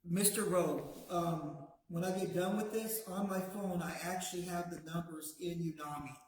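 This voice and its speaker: A man leading a language class, saying words slowly and patiently for his students to repeat. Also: high-pitched, fairly even intonation, darkish tone, a little hiss or hum. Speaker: language teacher. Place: classroom, also streamed to a video call. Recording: very echoey room.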